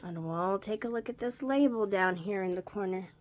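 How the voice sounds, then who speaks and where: A crafting vlogger talks casually through her week's quilting and sewing projects, showing each piece step by step. Her voice sits at a medium pitch and she speaks at normal speed.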